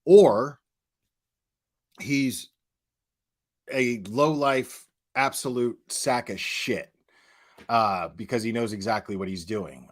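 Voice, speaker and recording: A man's voice: mid-range voice, takes it slowly, long pauses. Profane American man ranting on a livestream. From United States. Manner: crude, profane, mocking ranting. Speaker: commentary channel host. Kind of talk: livestream commentary, reading super chats.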